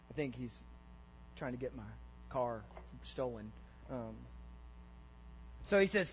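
A man's voice: high voice, very animated, normal speed, long pauses. A man preaching an interactive sermon, constantly asking the congregation questions and checking in with "okay?" and "all right?". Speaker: pastor. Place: church sanctuary. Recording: dull echoey church recording with mains hum.

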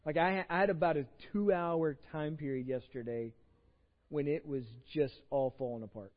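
A man's voice: fairly high pitch, fairly even intonation, moderate pace, long reverb tail, phone-quality sound. A pastor with a Texan accent, preaching a conversational sermon, often repeating words as he starts a phrase. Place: church sanctuary.

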